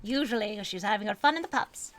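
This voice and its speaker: A woman's voice: lively intonation, fast talker, a bit bright, soft background music. A woman voicing a cheerful, tipsy little old druid lady whose words swing up and down in a sing-song way. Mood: tipsy, merry. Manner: sing-song, pitch going up and down.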